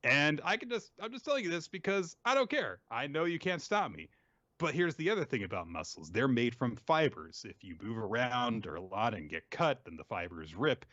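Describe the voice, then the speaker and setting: A man's voice: medium pitch, very animated, moderate pace, sharp tone, no room sound, highs cut off. A man voicing a cruel, dismissive male werewolf villain in a sneering, offhand way. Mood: gloating.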